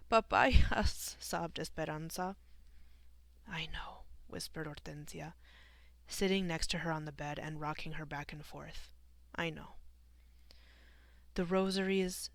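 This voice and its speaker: A woman narrating an audiobook in a measured, sombre storytelling manner. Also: low-pitched, a bit bright, dry recording. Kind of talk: scripted narration.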